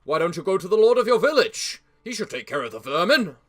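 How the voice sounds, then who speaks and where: A man voicing a pompous male lord who speaks formally and in a lower, quieter voice. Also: sing-song, fast. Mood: haughty.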